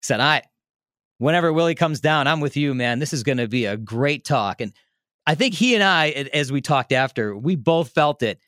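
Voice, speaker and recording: A man telling a story in a casual, animated way, laughing often and restarting his sentences. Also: mid-range voice, normal speed, no room sound, clean studio sound. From Milwaukee area, United States. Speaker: radio host telling a story as a podcast guest.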